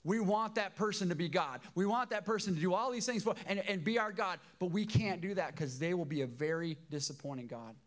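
Middle-aged male pastor, emotional and emphatic sermon delivery, somewhat high-pitched voice. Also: a little fast, few pauses. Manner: emotional, emphatic preaching with repeated phrases.

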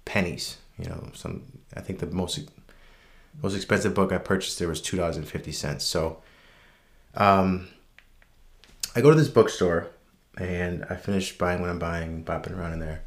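Deep-voiced man recounting a personal story offhand, unscripted, sincere. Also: moderate pace, long pauses. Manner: relaxed, unscripted, frequent ums and restarts; reflective, earnest. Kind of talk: casual personal anecdote.

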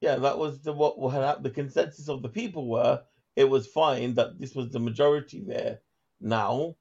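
A British man with a gravelly, creaky voice argues his side of a debate in halting, hesitant bursts. His voice comes through as dull, lo-fi call audio. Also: mid-range voice, a little mellow. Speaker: caller debating the host. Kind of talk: heated live debate.

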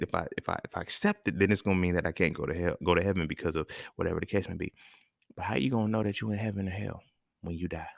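Deep gravelly man ranting on a podcast. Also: quick pace, no room sound, studio quality. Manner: blunt, profane, animated rants with rhetorical questions. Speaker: podcast host. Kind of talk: casual solo podcast monologue.

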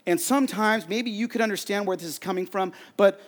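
High-voiced, animated man preaching in a hall. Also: brisk. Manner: animated, conversational preaching with acted-out quotes. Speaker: pastor. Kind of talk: sermon. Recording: long hall reverb.

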